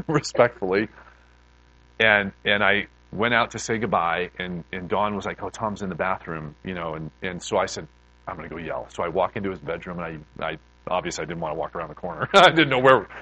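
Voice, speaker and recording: A middle-aged man preaching, telling an emotional testimony story with heartfelt repeated words that build in excitement. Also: low-pitched, low-quality recording.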